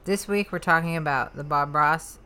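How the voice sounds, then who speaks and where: Low-voiced giggly podcast host woman. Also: normal speed, pushed and bright, slight background noise. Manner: giggly, teasing. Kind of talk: casual chat. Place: room with an open window.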